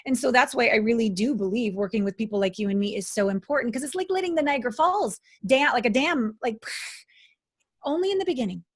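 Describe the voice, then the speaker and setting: A woman's voice: on the high side, lively intonation, fast, few pauses, slightly rough. A middle-aged woman talking as a guest coach in a casual interview, emphatic and dramatic.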